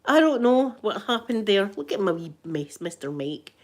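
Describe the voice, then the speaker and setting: A middle-aged woman with a Scottish accent talks in an easygoing ASMR vlog. She tells her stories with animation and laughs often, and her voice sits at an ordinary pitch for a woman. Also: sing-song, normal speed. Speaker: vlogger and grandmother.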